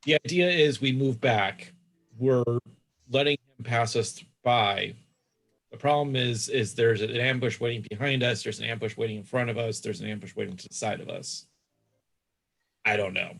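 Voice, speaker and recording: A man's voice: medium pitch, moderate pace, creaky, a bit bright. A man playing a tabletop game, reasoning aloud in a wry way. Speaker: player. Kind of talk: casual tabletop game talk.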